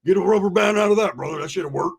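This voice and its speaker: A man's voice: sits high, quick pace, vocal fry, a crowd in the background. A man voicing a laid-back, scatterbrained stoner friend who talks in a stubborn, offhand way.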